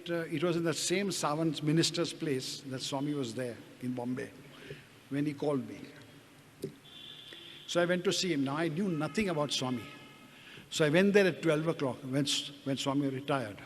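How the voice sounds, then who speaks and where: An older man with an Indian accent, a doctor recounting his own experiences, hesitant and repeating words with apologetic asides. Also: on the high side. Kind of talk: personal testimony talk. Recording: reverberant hall, faint background noise.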